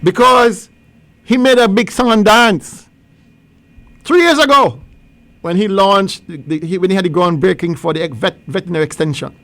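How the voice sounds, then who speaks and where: A male talk radio host speaking conversationally, with halting restarts. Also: high voice, a bit bright.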